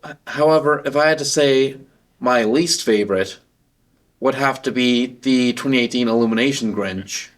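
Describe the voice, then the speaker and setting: A man with a mid-pitched voice runs through film trivia for a review show. His delivery is steady and matter-of-fact, with the odd stumble over a word. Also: moderate pace. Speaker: film reviewer presenting a segment. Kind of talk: reading trivia, then giving casual opinions.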